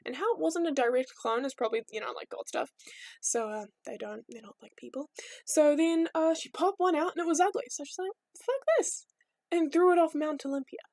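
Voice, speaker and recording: A young woman tells myths in a loose, irreverent vlog ramble. Her voice sits high and bright. The sound is close and dry, with no room around it. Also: fairly quick, no room sound. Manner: rambling, irreverent, jokey asides. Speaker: vlogger. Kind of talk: casual storytelling.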